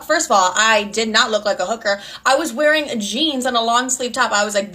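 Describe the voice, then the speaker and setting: A woman in her twenties telling a storytime casually, outspoken and animated, swearing often and acting out what people said. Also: on the high side, moderate pace, hardly any pauses. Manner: outspoken, animated, frequent swearing, acts out quotes.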